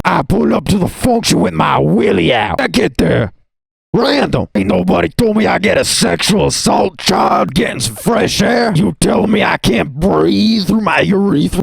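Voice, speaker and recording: A man's voice: high-pitched, vocal fry, slightly rough, no echo, pitched above the performer's own voice, exaggerated voice. A man voicing a crude young nihilist who rants aggressively, swearing and repeating himself.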